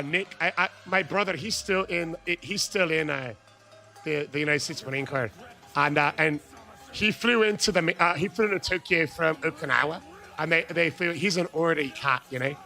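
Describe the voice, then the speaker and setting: A man chatting on a live game stream, loud and hyped, often yelling catchphrases. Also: high-pitched. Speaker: gaming streamer. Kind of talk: live gameplay stream chat.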